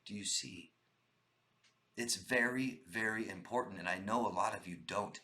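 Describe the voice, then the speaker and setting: A man's voice: lowish voice, normal speed, sharp tone, reverberant. A man giving life-coaching advice to viewers, speaking emphatically and repeating his points. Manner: emphatic and repetitive, addresses viewers as "guys". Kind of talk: direct-to-camera advice monologue.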